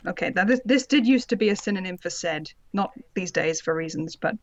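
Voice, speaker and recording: A woman's voice: on the low side, lively intonation, fairly quick, dry recording. Female co-host narrating, wry and sardonic; audio slightly muffled. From Britain. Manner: sardonic asides, laughing while reading. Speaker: podcast co-host and narrator of the reading. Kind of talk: comedic dramatic reading with commentary.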